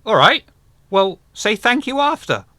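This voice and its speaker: A man's voice: sits high, sing-song, a little slow, pushed and bright, a little hiss or hum, pitched above the performer's own voice, full character voice. A man voicing a curt, profane male restaurant owner in a tabletop game. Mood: irritated. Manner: blunt, profane.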